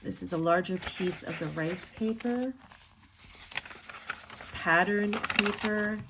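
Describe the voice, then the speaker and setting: A woman's voice: mid-range voice, takes it slowly, noisy background. A woman talking casually and chattily as she flips through a handmade art journal, with a sing-song lilt and many ums. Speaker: art journal maker showing her work. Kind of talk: casual flip-through commentary.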